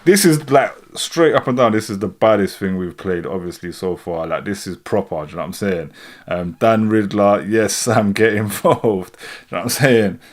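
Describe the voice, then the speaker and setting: London guy in his thirties, relaxed livestream host, low-ish voice, rambling chat. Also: normal speed. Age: 30s. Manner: relaxed, rambling, keeps saying "do you know what I'm saying". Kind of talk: casual live reaction chat.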